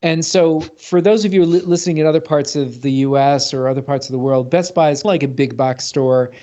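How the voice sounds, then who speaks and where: A man's voice: fairly quick, warm tone. A man from the US Northeast co-hosting a podcast, telling a story and acting out his client's lines with a rising voice. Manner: storytelling, acts out client's quotes with rising pitch. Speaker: podcast co-host, Apple consultant. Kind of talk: casual podcast chat. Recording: dull lo-fi sound.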